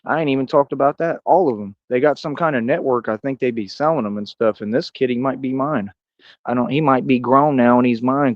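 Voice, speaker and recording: A man's voice: medium pitch, no room sound, dull audio. Boastful man ranting with street slang. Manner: coos softly at a cat. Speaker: streamer. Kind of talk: rambling livestream monologue.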